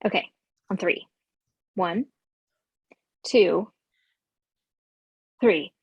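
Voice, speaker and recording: A woman voicing a dry, skeptical teenage girl with a deadpan delivery, in a fan table read. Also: fairly low pitch, very slow, slightly rough, no room sound, muffled recording, exaggerated voice.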